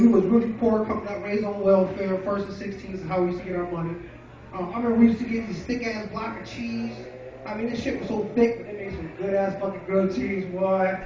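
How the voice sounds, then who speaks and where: Casting note: man from Rochester doing stand-up, distant from the mic, dull lo-fi echoey room. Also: sits high. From Rochester, New York. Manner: loose, profane, storytelling. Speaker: stand-up comedian. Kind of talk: stand-up comedy set. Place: café open mic.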